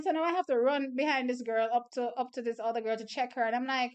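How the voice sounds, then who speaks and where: A young woman hosting a casual livestream, animated storyteller who laughs often. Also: high voice, fast talker, hardly any pauses, clear, resonant tone. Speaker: livestream host.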